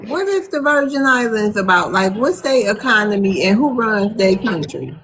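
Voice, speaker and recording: A woman's voice: mid-range voice, big pitch swings, moderate pace, noisy background. A woman hosting a heated live online panel, scolding and heckling the callers. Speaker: panel host.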